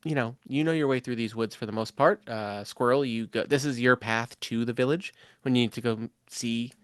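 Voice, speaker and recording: Male game master, rambling, filler-heavy, medium pitch, dry sound. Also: fairly quick, a bit bright, clean tone, no room sound. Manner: rambling, lots of ums and asides. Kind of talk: running a tabletop game live.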